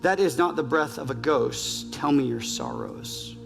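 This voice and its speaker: A man voicing a vast, gentle lion in a storybook. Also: a little high, vocal fry, big-room sound, music in the background, voice pushed down. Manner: calm, quiet, unhurried. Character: huge deep-voiced gentle male lion.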